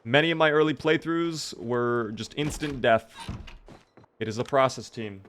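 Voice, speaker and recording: A man's voice: mid-range voice, unhurried, a bit bright, slight background noise. A man streaming a video game live, chatting upbeat with his viewers as he plays. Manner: upbeat, chatty, talks to himself and chat.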